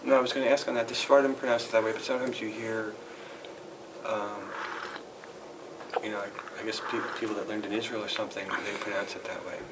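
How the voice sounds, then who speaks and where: A man's voice: fairly low pitch, flat delivery, fast. A man in the class raising a hesitant question from across the room. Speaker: student in the class. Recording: far-off voice in a noisy room.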